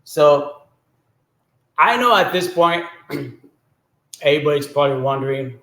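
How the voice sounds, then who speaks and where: Male storyteller, higher-pitched voice, chatty and loose, clears his throat often, echoey room. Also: expressive, unhurried, fairly bright tone. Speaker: storyteller host. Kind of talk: casual joke storytelling.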